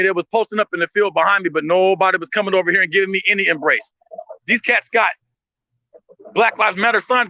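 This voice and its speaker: A man holds forth in impassioned street commentary, blunt and full of profanity, tripping over restarts as he pushes his point. His voice sits very high and bright, and he talks quickly. The sound is dry and dull, lo-fi. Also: no echo.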